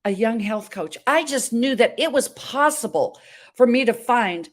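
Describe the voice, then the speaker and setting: A woman's voice: on the high side, animated, unhurried. A woman in her seventies hosting a talk show, telling a story in an emphatic, dramatic way from a hotel room. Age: 70s. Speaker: show host.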